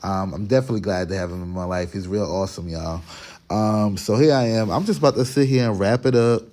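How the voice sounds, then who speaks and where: A podcast host films a chatty cooking vlog on his phone while making food for his family at home, addressing viewers directly and restarting sentences. His voice is lowish and mellow, and he speaks fast.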